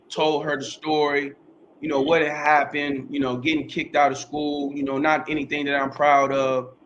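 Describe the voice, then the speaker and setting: A man's voice: fairly high pitch, a bit bright. A middle-aged man, a podcast host, telling his life story in a casual interview, rambling, repeating himself and using slang and profanity.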